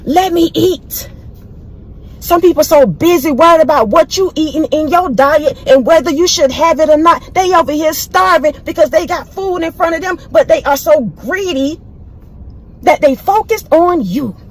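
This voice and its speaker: Bold motivational speaker, woman, high voice, emphatic and repetitive. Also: moderate pace, poor audio. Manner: bold, emphatic, repeats phrases. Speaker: inspirational speaker. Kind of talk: preachy motivational monologue.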